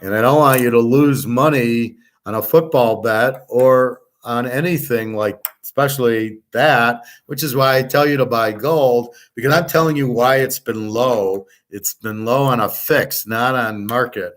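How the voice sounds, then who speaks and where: A middle-aged man rants bluntly and profanely through a rambling monologue. He lectures his listeners as his students. His voice sits at an ordinary middle pitch. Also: unhurried, few pauses. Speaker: host.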